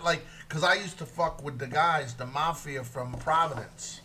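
A man's voice: on the high side, normal speed, sharp tone, slight background noise. Rambling, foul-mouthed male podcast host. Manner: rambling, restarts, crude jokes. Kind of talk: casual profane storytelling chat.

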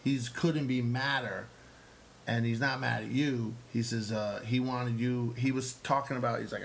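Gravelly-voiced guy spinning an animated showbiz story, swears a lot, bit of hiss behind. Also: mid-range voice, moderate pace, low-quality recording. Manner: animated storyteller, acts out quotes, swears freely. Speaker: actor and comedian. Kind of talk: casual storytelling chat.

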